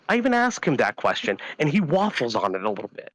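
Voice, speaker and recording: A man's voice: on the high side, big pitch swings, a little fast, a bit bright, no room sound, low-quality recording. A man on a call, telling a story in a rambling, profane, stop-start way. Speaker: caller. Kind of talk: casual phone call.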